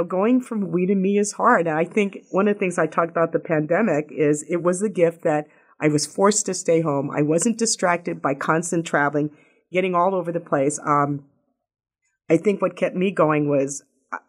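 Older female host, low-ish voice, animated storyteller in casual chat. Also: moderate pace. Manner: lively storyteller, jumps into quoted voices. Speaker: host, doctor. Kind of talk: casual group talk.

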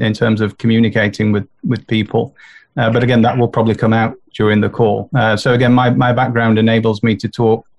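A man introducing himself on a business podcast panel, in a self-deprecating, halting way. His voice is low, flat and gravelly, with lots of fry. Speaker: podcast guest.

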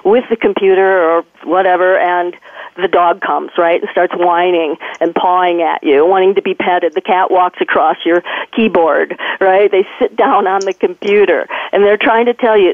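A woman's voice: fairly low pitch, moderate pace, no room sound. A woman veterinarian talks over a thin, phone-like line with a dry, close sound. She tells her stories with animation, laughs readily, and slips into the voices of the people she quotes. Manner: lively, laughs often, acts out quotes. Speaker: veterinarian and author guest. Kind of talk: animated conversational storytelling.

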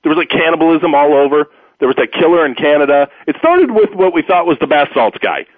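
Male talk radio host, fairly high and very lively pitch, opinionated rambler; dry, tinny phone-line sound. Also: fast talker, no room sound. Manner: rambling, opinionated, animated storyteller. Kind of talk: sports talk radio monologue.

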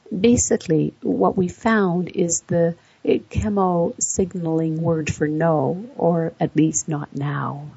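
A woman speaks in a low, gravelly, husky voice as she narrates a voice-over. She walks through facts one by one at an unhurried, measured pace. The recording is dull and lo-fi, with no room sound. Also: mellow, no room sound. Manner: measured, explaining research facts point by point.

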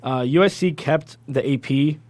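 A man's voice: fairly high pitch, normal speed, darkish tone, no echo. Man giving his sports take, dry mic. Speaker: studio co-host. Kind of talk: casual sports radio talk.

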